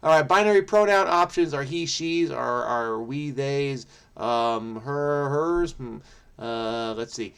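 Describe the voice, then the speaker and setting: A man hosting his own channel, solving a crossword out loud in a casual think-aloud, frenetic and muttering to himself. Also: medium pitch, smooth. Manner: frenetic, muttering to himself, quick bursts then trailing off. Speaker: crossword solver, channel host.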